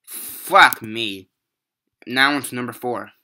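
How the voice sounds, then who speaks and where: Young male movie reviewer, very bright edgy voice, rambling and profane, casual rant. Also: mid-range voice, slow.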